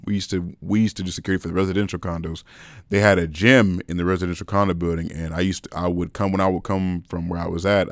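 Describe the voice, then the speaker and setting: Chill young guy hosting a podcast, says bro a lot, lowish voice, dry sound. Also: no room sound. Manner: laid-back, frank, calls listeners bro. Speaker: podcast host. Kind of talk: casual chat.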